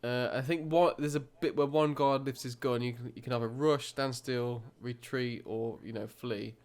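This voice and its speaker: A man's voice: mid-range voice, steady tone, normal speed, a little mellow. A man in casual podcast chat, who often repeats words as he gets going. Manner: chatty, repeats words as he starts sentences. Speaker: podcast co-host.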